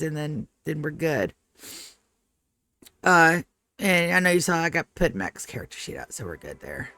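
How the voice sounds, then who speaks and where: A woman's voice: fairly low pitch, a bit bright. A woman streamer in casual live-stream chat, groggy with her morning voice, rambling, swearing freely and chatting to her cat. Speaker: game streamer.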